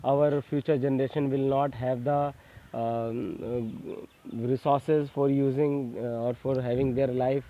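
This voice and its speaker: A male teacher with an Indian English accent explains a lesson in a mid-pitched voice, hesitating with frequent fillers. The sound is thin and phone-like. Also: flat delivery, a little slow, slight background noise. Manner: hesitant with many fillers, stressing points for exams. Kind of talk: classroom lecture.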